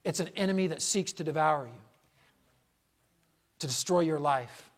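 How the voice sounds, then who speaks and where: A male pastor preaching a sermon, emphatic and repetitive, asking rhetorical questions and swinging from loud declarations to hushed asides. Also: a little high, moderate pace.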